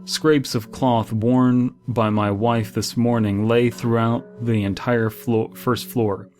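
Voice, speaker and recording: A man with an ordinary mid-range voice reads a horror story aloud, stopping often to pick it apart. His asides are sarcastic and exasperated, loaded with "like" and restarts. Soft music plays quietly behind him. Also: mid-range voice, steady tone, slow. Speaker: horror story reader and critic. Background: faint background music.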